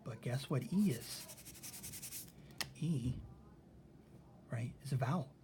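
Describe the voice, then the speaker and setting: A man teaching a recorded lesson, thinking out loud as he works through examples and often checking in with "okay?". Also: mid-range voice, lively intonation, takes it slowly, slight background noise.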